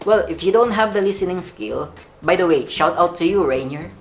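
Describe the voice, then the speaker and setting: A man's voice: sits high, animated, fairly quick, faint music behind. A young man from the Philippines with a Filipino English accent, hosting a playful question-and-answer video and laughing at his own jokes. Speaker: kalimba channel host. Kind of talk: Q&A vlog.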